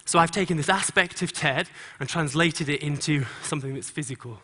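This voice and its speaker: A middle-aged choreographer on a conference stage, speaking to an audience and directing dancers with quick instructions and rhythmic sound cues. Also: male voice, on the high side, big-room sound. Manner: encouraging, energetic coaching.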